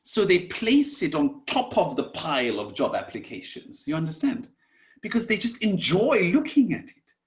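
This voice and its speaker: A man teaching an online class in a slow, gentle way, dropping to soft whispers at times and calling his listeners "my dears". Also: sits high, huge pitch swings. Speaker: Sanskrit teacher.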